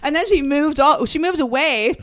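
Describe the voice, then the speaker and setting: A woman in her forties telling a story with excited, animated energy in casual chat. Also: high-pitched, moderate pace.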